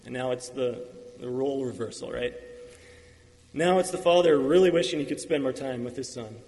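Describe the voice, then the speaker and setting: A male pastor preaching a sermon in an earnest, halting way, with restarts and fillers. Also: mid-range voice, creaky, a little mellow. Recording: long hall reverb.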